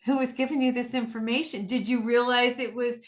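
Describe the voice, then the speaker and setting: A woman's voice: on the high side, level tone, a little fast. A woman hosting a podcast interview, asking curious questions and giving brief encouraging responses. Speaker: podcast host. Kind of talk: interviewing, casual chat.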